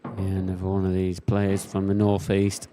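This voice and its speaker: Low, flat-voiced male pool commentator. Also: normal speed, noisy background. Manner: casual, chatty, reads viewer comments aloud. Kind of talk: live sports commentary.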